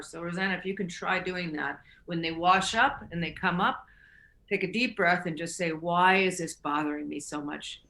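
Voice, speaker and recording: An earnest woman talks through advice in a casual, halting way, restarting her sentences and laughing easily. Her voice is bright and forceful, set a little low, and it rings in a roomy, echoey space. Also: steady tone, slight background noise. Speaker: recovery podcast host.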